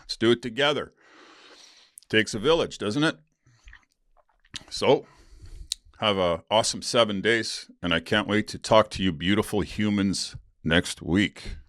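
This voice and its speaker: A man's voice: fairly low pitch, a little slow, long pauses, fairly bright tone, no room sound, studio quality. A man hosting a solo podcast, talking candidly in a rambling, casual way and laughing as he tells stories. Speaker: podcast host.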